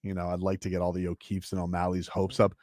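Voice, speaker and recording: A man's voice: low-pitched, completely flat delivery, fast, a little mellow, dry recording, clean studio sound. A man hosting a sports radio show, bantering brashly and trash-talking rival fans.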